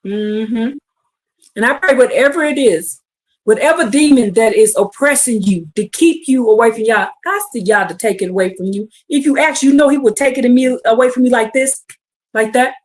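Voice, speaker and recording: A woman preaching a fervent livestream sermon, swinging from hushed to shouting as she calls out to her listeners. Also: on the high side, normal speed.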